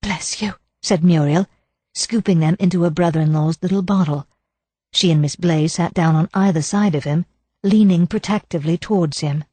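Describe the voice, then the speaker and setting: A woman narrating a cozy mystery audiobook in an even, measured storytelling style. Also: lowish voice, dry recording. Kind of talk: scripted narration.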